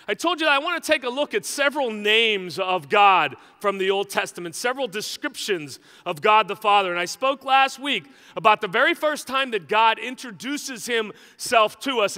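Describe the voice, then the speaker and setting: A man's voice: high voice, normal speed, pushed and bright. Pastor guy preaching, chatty and jokey, keeps asking "right?", big echoey church hall. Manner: conversational and joking, with frequent "right?" asides. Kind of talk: sermon.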